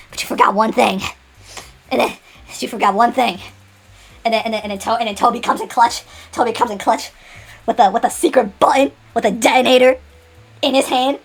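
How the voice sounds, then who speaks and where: A woman telling an improvised story in an excitable, rambling way, stumbling and repeating herself. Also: a little high, gravelly, breathy edge.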